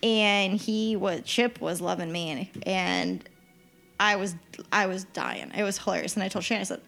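A woman on a casual podcast, a lively storyteller who acts out the dialogue in her anecdotes. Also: mid-range voice, moderate pace, gravelly. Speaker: podcast co-host giving a trip report.

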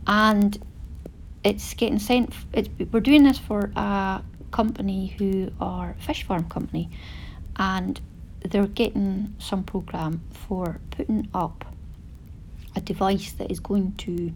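A woman's voice: medium pitch, slight background noise. Lady chatting away on her podcast, rambly, lots of little asides. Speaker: podcast host. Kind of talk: casual chat.

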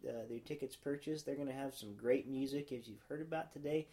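Here the host talks fairly quickly, his medium-pitched voice dark in tone, as he earnestly muses about a worship song from the podcast studio. The casual conversation is mixed with worship singing, and he often trails off mid-thought.

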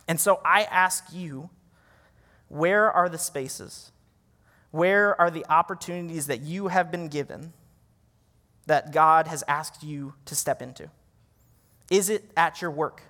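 High-voiced male pastor in a reverberant hall. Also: sharp tone. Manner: conversational, laughs at himself. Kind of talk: sermon.

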